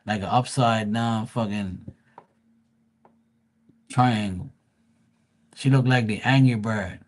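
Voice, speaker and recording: A vlogger with a fairly low, slow voice tells stories in a casual, crude rant, mocking and swearing throughout. He often stammers and restarts his sentences.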